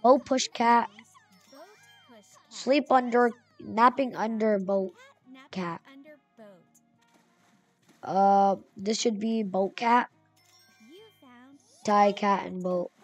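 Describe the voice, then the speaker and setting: A young woman giving excitable, chatty commentary while playing a video game, reading names aloud as she goes. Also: mid-range voice, drawn-out words, long pauses, soft background music. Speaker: gamer. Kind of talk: gameplay commentary.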